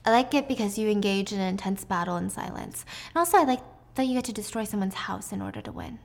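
A woman's voice: medium pitch, expressive, quick pace, gravelly. Woman doing a cool icy teacher lady near forty, composed, cutting.

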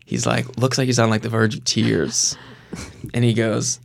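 A man's voice: medium pitch, flat delivery, normal speed, creaky, no echo. A young man, a podcast guest, telling a long story in casual chat, self-deprecating and rambling with many restarts.

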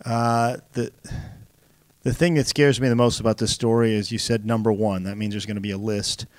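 A man's voice: fairly low pitch, flat delivery, moderate pace, no room sound. A man co-hosting a podcast, chatting casually with easygoing, dry teasing. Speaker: podcast co-host. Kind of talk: casual chat.

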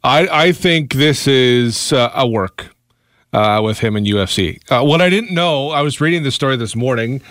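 A man's voice: mid-range voice, lively intonation, moderate pace, fairly bright tone, dry recording, studio quality. A man co-hosting a radio show, talking with many uhs and stammered restarts. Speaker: radio co-host. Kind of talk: morning radio banter.

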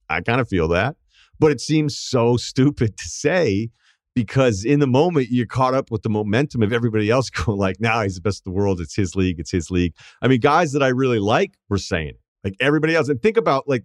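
A man's voice: mid-range voice, lively intonation, fairly quick, no room sound, studio quality. A middle-aged man hosting a sports show, talking through a casual, reflective monologue and acting out quoted people along the way. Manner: reflective, conversational, acts out quotes. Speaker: sports radio and podcast host.

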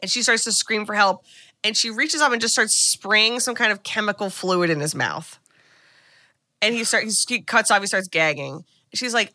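Bright-voiced woman podcaster recapping a film. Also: mid-range voice, moderate pace, dry recording, clean studio sound. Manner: chatty, frequent "like", swears freely. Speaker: podcast co-host. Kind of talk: casual film recap chat.

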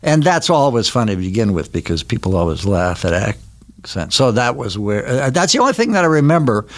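A man's voice: mid-range voice, very animated, brisk. An older man from Wisconsin, a guest in a recording studio, telling stories in a rambling way with many restarts. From Milwaukee, Wisconsin. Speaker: guest, actor. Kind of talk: casual interview chat.

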